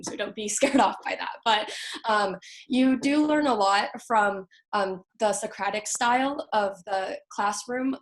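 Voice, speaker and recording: A young woman student on a video call, answering panel questions with many hesitant fillers. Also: medium pitch. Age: young adult.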